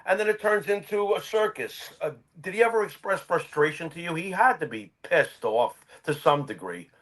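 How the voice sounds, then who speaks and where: Lively, higher-voiced older man hosting. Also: moderate pace, low-quality recording. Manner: emphatic, opinionated asides. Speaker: podcast co-host. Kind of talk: casual podcast interviewing.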